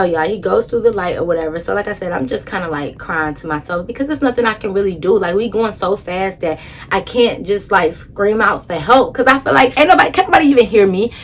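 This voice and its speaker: Animated storytelling woman saying "y'all". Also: on the low side, a little hiss or hum. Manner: dramatic, addresses viewers as "y'all", acts out her own thoughts. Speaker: vlogger telling a story. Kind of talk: casual storytime.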